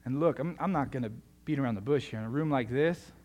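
A man's voice: mid-range voice, fast talker, darkish tone. A male pastor preaching a sermon in a conversational, joking storytelling manner.

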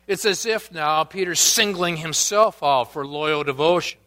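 A male pastor delivers a sermon at an unhurried, measured pace. His voice is fairly high and bright, with emphatic swells on key words and quiet asides in between. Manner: slow, deliberate preaching with emphatic rises and quiet asides; reads scripture quotes aloud with emphasis.

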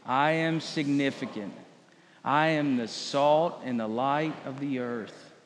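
A man's voice: medium pitch, slow pace, in a large hall. A man preaching a sermon as pastor, leading his congregation through spoken declarations. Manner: leads congregation in call-and-response declarations.

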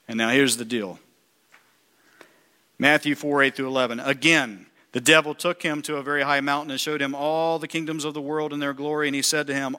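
A man in the pulpit delivers an animated sermon with a somewhat high, bright and forceful voice. He reads scripture aloud and keeps turning to the congregation with questions. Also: normal speed. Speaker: pastor. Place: church.

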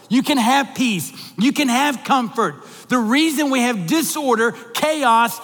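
A middle-aged man preaches to his congregation in a strikingly high voice, growing animated and excited as he drives his points home. His words ring out into a church sanctuary with a long, lingering reverb. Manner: animated, rising to excited emphasis. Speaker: minister on staff. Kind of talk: sermon.

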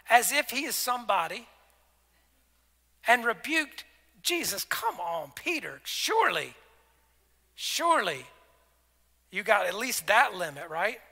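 A male pastor preaching a conversational sermon with a high, very bright voice. He acts out the scripture dialogue and sometimes drops to soft, intimate tones. His voice rings with the long reverb of a large hall. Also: very animated, measured pace, gravelly, long pauses.

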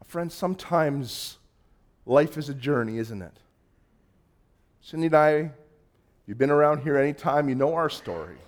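A man preaching a sermon as pastor, moving between loud emphasis and hushed, quiet passages and acting out quoted voices. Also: fairly high pitch, animated, a little slow, pauses often.

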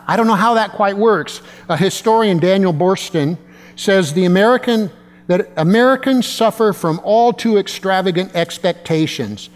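A man's voice: high voice, big-room sound. A male pastor preaching a sermon in a conversational way, with self-deprecating humor.

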